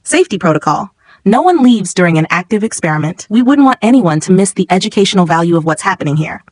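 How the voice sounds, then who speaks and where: A cruel substitute chemistry teacher speaks with calm, clipped contempt, read by a woman. The sound is dry and close, with no room around it. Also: on the low side, fast talker, no echo. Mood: cold, mocking.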